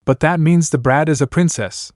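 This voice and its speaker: A man's voice: on the high side, moderate pace, a little mellow, no room sound, pitched above the performer's own voice, lightly acted. A flustered young heroine's inner thoughts, exasperated and curious, read by a man close to his own voice. The reading is dry and close.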